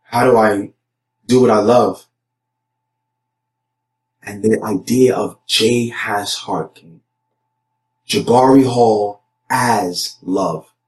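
A young adult man and youth pastor giving a personal testimony talk, earnest, with many fillers and repeated words, jumping higher when he acts out his own quoted lines. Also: steady tone, slow pace, pauses often, darkish tone, reverberant.

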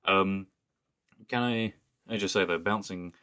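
A man with a very low, deep voice chatting casually as a podcast co-host. He rambles along, amused, and laughs easily. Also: measured pace, pushed and bright. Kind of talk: casual chat.

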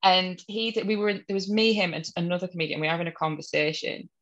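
A woman with a Hull accent in casual chat, blunt and quick to swear, laughing often. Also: on the low side, flat delivery, fairly bright tone, highs cut off. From Hull, England.

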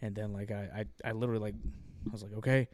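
A man's voice: on the low side, rapid-fire, dry recording. A man in his thirties, a Marine veteran guest, telling stories in a casual interview and acting out the voices of people he quotes. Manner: animated storyteller, acts out quoted voices.

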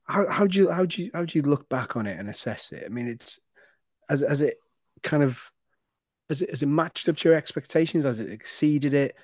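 A man hosting a fan podcast, asking long, halting questions with many restarts. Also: a little high, animated, a little mellow, dry recording, clean studio sound. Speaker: podcast host. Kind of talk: casual podcast interview.

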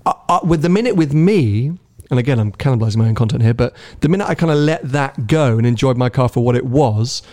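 A man co-hosts a casual car podcast, rambling a bit and chatting away, often restarting his sentences and stammering as he does. His voice is medium in pitch and darkish in tone, with lively intonation and a quick pace.

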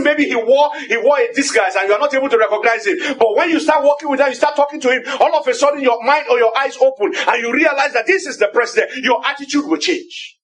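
A man with a Nigerian accent preaching a sermon, firing repeated rhetorical questions and rising to emphatic shouts on key phrases. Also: extremely high pitch.

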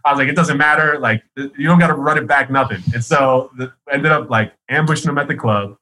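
A man's voice: mid-range voice, fairly quick, pushed and bright, slight background noise, low-quality recording. A man telling a rambling, profane story in a casual chat, laughing often as he goes.

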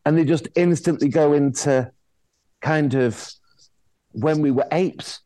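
A man's voice: fairly high pitch, slow pace, dry recording. A middle-aged man, telling anecdotes in casual chat as an actor guest, acting out the voices of people he quotes. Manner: animated storyteller, acts out quoted voices, frequent restarts.

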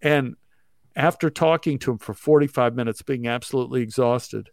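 A man with a smooth, clean voice tells an anecdote at a breathless clip and acts out each line of dialogue as he goes. His voice sits in the middle of the male range. The sound is close and dry, with no room echo. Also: mid-range voice. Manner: rapid, breathless storytelling with acted-out quotes. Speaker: actor, guest telling a story. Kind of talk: animated anecdote telling.

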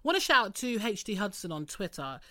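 A woman co-hosting a podcast, chatty and expressive, laughing easily. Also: mid-range voice, brisk, a loud crowd. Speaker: podcast co-host. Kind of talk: casual chat.

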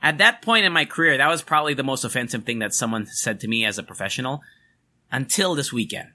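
A man's voice: mid-range voice, expressive, quick pace, sharp tone. A young man hosting a podcast, ranting angrily and emphatically, swearing as he vents. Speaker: podcast host.

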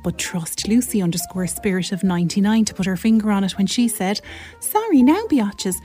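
A woman's voice: medium pitch, dark tone, close to an everyday voice. A woman playing a gossipy, catty young Cork woman with a Cork accent, in a comedy sketch. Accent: Cork Irish.

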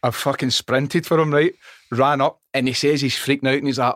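A middle-aged Scottish man chatting on a podcast, telling an animated, sweary story and acting out the dialogue. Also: mid-range voice, brisk, no room sound, clean studio sound. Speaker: podcast guest. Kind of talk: casual chat. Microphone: studio microphone.

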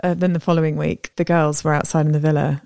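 A woman in her thirties co-hosting a podcast, telling stories in a lively, animated way and acting out voices. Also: deep voice, fast talker, creaky, no room sound, clean studio sound. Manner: animated storyteller, acts out voices. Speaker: podcast co-host. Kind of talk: casual chat.

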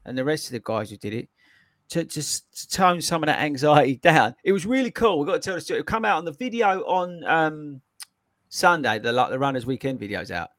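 A man hosting a running podcast, telling stories in an excitable, animated way. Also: on the high side, a little fast, no room sound, clean studio sound. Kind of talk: casual chat.

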